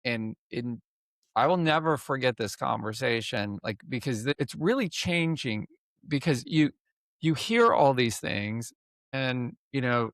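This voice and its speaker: A man hosting a podcast interview, talking in a halting, emotional way with lots of restarts. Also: medium pitch, expressive, fairly bright tone, no room sound, clean studio sound. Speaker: podcast host. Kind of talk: casual interview chat.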